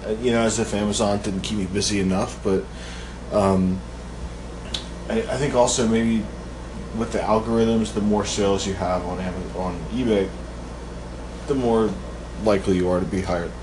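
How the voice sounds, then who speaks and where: A man's voice: on the low side, fairly even intonation, moderate pace, pauses often. A man chatting casually in a vlog with a groggy early-morning voice, rambling with many fillers. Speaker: reseller vlogger. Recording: noisy background.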